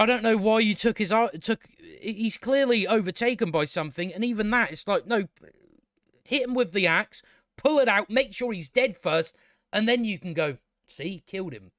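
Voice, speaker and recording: A man's voice: high-pitched, fairly bright tone, no echo, clean studio sound. A man casually reviewing a show, exasperated and sweary, rambling with many restarts.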